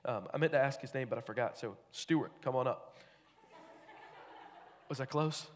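A man's voice: mid-range voice, moderate pace, long reverb tail. A man giving a casual, joking sermon, talking conversationally to a church crowd like a youth pastor.

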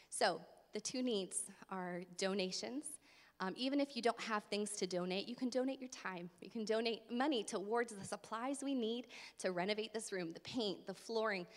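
A woman, a little out of breath, presenting a ministry project to a church congregation in a friendly, informal way with many ums. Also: medium pitch. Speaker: ministry director. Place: church sanctuary. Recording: church hall reverb.

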